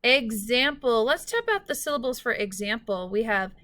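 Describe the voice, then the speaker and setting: Clear, slow-spoken woman teacher. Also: a little high, animated, pushed and bright. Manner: slow, clear, instructional, stretching out words. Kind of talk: recorded classroom phonics lesson.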